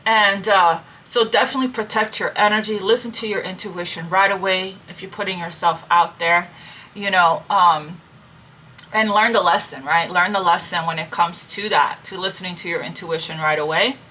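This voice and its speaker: A woman gives tarot readings and spiritual advice in a casual, earnest monologue, repeating herself and treating listeners as family with check-ins like "okay?" and "right?". Her voice sits on the low side, fairly even, at normal speed, bright and forceful, with slight background noise.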